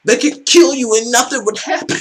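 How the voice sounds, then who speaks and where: A man hosting a reaction video, talking excitably in a casual, swearing, filler-heavy way. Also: extremely high pitch, normal speed.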